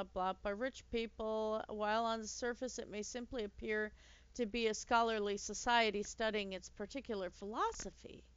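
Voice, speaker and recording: A woman voicing a sweet elderly working-class nanny who talks gently in old-fashioned speech, with a touch of bitterness. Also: mid-range voice, clear, resonant tone, natural voice. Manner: gently chatty, archaic speech, mildly bitter. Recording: dull lo-fi dry recording.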